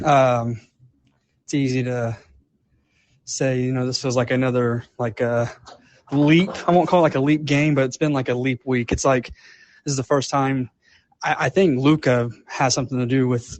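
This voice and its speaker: A man calling in to a live podcast, talking casually in halting, rambling sentences full of fillers. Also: mid-range voice, fairly even intonation, no echo. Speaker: caller. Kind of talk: casual call-in chat. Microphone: live audio app.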